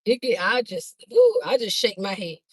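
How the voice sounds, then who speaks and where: An older woman speaking chats with her livestream viewers while riding in a car. Her voice sits a little high, and her talk is folksy and loose, aimed straight at the people watching. The sound is dry and close, as from a phone. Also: wildly swooping pitch, normal speed, husky, dry recording, low-quality recording. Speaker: livestream host, Easter basket seller. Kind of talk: casual livestream chat with viewers. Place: in a moving car.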